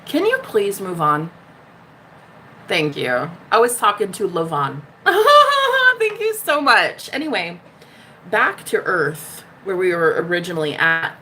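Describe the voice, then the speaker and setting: A woman's voice: on the low side, sing-song, a little slow, sharp tone, slight background noise. A woman hosting a casual spiritual livestream, reading out chat messages with a bubbly, teasing manner, swearing freely and laughing often. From United States.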